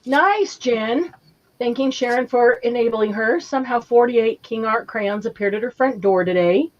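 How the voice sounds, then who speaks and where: A woman's voice: on the high side, steady tone, moderate pace, a little mellow. Chatty woman host, lo-fi sound. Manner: chatty, talks while eating. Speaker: livestream craft host. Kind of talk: casual chat reading viewer comments. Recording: dull lo-fi stream audio.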